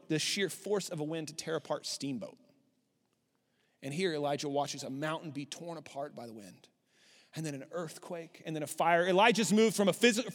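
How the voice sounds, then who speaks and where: A man in his thirties preaching a sermon as a pastor, animated and swinging up high when he voices a despairing prophet. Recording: long hall reverb.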